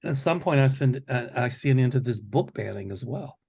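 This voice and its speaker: A man's voice: mid-range voice, lively intonation, brisk, creaky, darkish tone, husky. A man hosting a psychic predictions show, talking in a rambling, confident, casual way. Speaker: psychic host.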